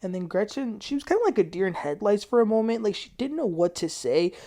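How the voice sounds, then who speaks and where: A woman hosting a casual TV recap, telling the story in an animated way. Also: medium pitch, fast talker. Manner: animated storytelling, quotes people in a raised voice. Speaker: TV recap host.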